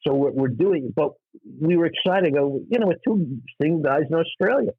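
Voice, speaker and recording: A middle-aged man from New York, a stand-up comic telling anecdotes in an animated way and acting out the people in them. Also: a little high, breathy edge, dry recording, narrow, tinny audio. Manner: acts out voices in anecdotes, quick asides. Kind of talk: animated storytelling.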